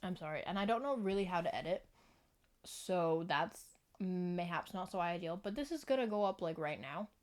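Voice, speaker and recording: A woman's voice: fairly low pitch, lively intonation, normal speed, darkish tone. A young woman vlogging to camera at home into a microphone, rambling casually, giggling and often apologizing. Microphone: external microphone.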